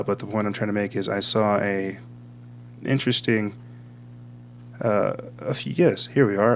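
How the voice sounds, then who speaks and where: A man's voice: lowish voice, slight background noise. A man hosting a talk show, commenting casually while reading from his screen, rambling and repeating himself with frequent laughs. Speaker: podcast host.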